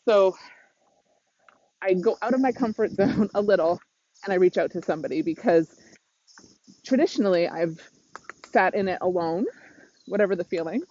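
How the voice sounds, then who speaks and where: A woman mindset coach talks openly and emotionally while out on a walk, often breaking into laughter. Her voice sits at a middling pitch. The phone recording is muffled and lo-fi, with wind around her. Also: moderate pace, a little mellow, no echo. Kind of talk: live-streamed walking vlog. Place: outdoors on a windy walk.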